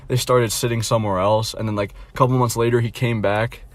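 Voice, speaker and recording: A man's voice: mid-range voice, steady tone, brisk, no room sound. A young adult man telling a casual storytime rant, blunt and mocking, rambling with lots of fillers and restarts and frequent swearing. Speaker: vlogger.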